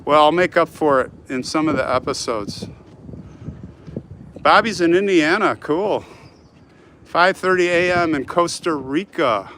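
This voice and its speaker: While walking down a city street, a middle-aged American man hosts a live stream, chatting casually and reading viewer comments aloud in a friendly, rambling way straight to his audience. His fairly high, fairly bright voice is expressive and measured, with frequent pauses. Faint street and traffic noise sits in the background.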